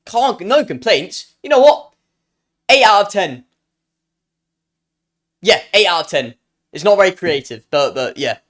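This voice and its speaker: A young man with a British accent, chatting live on stream with a light, higher-pitched voice. His tone swings widely as he jokes and teases his chat. He often stumbles and restarts mid-sentence. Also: expressive, measured pace, pauses often, fairly bright tone. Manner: joking, playful, trails off and restarts.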